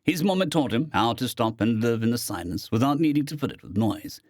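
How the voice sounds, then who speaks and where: A man narrating a science fiction story as an audiobook reader, expressive in delivery. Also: mid-range voice, a little fast, no echo, clean studio sound. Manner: expressive, with lively intonation.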